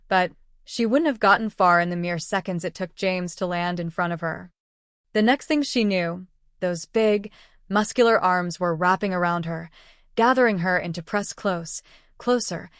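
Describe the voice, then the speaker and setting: A woman narrating a romance audiobook in a measured, expressive reading, on a close studio mic. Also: fairly low pitch, clear, resonant tone, no echo.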